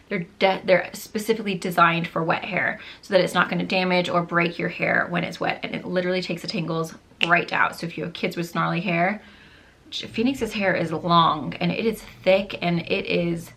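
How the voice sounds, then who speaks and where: A chatty young woman talking through her favorite makeup in a relaxed, gushing way. She fills her sentences with "like" and "um", and her voice sounds a bit worn from losing it. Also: medium pitch. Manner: chatty, gushing, many fillers like "like" and "um". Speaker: beauty vlogger. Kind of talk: casual makeup review chat.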